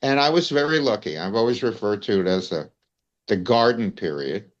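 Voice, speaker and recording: A man's voice: fairly low pitch, animated, moderate pace, dull audio. Older New York man telling rambling stories. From United States. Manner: rambling anecdotes full of "you know" and "man". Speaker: interview guest, author. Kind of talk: storytelling in casual conversation.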